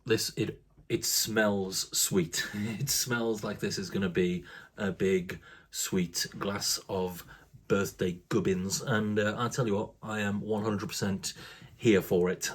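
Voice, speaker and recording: A man's voice: fairly low pitch, slightly rough. A man casually reviewing a craft beer, chatty and rambling, with casual swearing.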